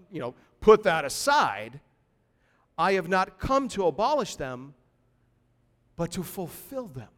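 A man pastor delivering a sermon in a lively, conversational way, punctuated by sudden emphatic bursts. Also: fairly high pitch, big-room sound.

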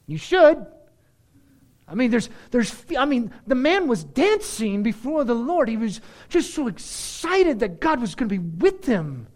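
A man preaching a sermon, building to excited, emphatic peaks. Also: extremely high pitch, moderate pace, few pauses. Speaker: pastor.

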